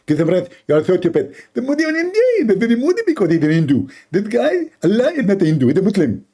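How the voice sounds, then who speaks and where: A man's voice: high-pitched, huge pitch swings, very fast, dark tone, husky, voice pushed up, heavily acted. A man doing a mocking impression of a condescending, insulting male preacher who lectures and calls people stupid. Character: pompous shrill male Muslim preacher, insulting. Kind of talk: mocking impression in a live debate.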